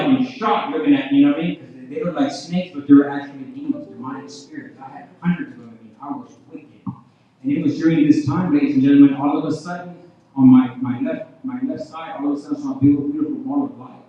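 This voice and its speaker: A man preaching a revival sermon as a guest preacher, telling his testimony and often calling out "ladies and gentlemen", his loudness rising and falling. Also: on the high side. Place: church hall. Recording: echoey hall, distant dull mic.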